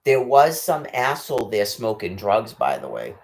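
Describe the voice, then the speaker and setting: A man's voice: fairly low pitch, wildly swooping pitch, moderate pace. A man, ranting angrily and swearing constantly, firing off rhetorical questions. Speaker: ranting commentator. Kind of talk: angry profane rant.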